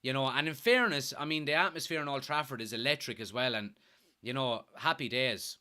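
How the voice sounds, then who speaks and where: A young man hosting a live fan watchalong, giving excitable, partisan commentary and reading out chat. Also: mid-range voice, a little fast. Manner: excitable, partisan, swears when thrilled.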